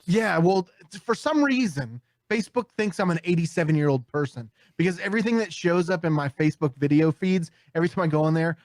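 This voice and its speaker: A man hosting a casual podcast, telling stories with animated energy, often putting on voices and laughing. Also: fairly high pitch, a little fast, hardly any pauses, no echo. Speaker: podcast host.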